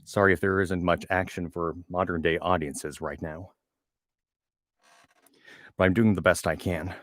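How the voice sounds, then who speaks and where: A man's voice: low voice, steady tone, unhurried, fairly bright tone, dry recording. A man reading a novella aloud, stumbling over and repeating words, with chatty, rambling asides. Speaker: reader of a story.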